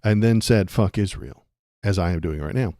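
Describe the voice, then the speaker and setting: Brief: male political streamer, low voice, dry close mic, ranty and sarcastic, laughs along with chat. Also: a little fast, warm tone, dry recording. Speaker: political livestream host. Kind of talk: ranting livestream commentary.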